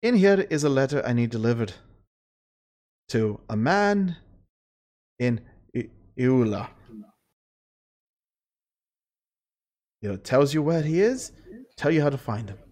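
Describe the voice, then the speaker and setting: A game master voicing a crude, scheming female fey courtier who makes a profane, persuasive sales pitch in a tabletop game. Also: lively intonation, moderate pace, pauses often, darkish tone, close to an everyday voice. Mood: businesslike. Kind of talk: tabletop role-play.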